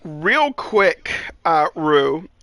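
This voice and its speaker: Bright, high-voiced young man. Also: big pitch swings, extremely slow, no room sound, low-quality recording. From England, American parents. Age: 20s. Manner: easygoing, laughs readily. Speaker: fellow racer and co-streamer. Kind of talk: casual chat during online racing.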